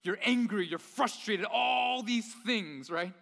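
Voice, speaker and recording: A man's voice: high-pitched, slow, gravelly, fairly bright tone, big-room sound. A man preaching a sermon in a conversational way, often putting rhetorical questions to the audience. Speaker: pastor.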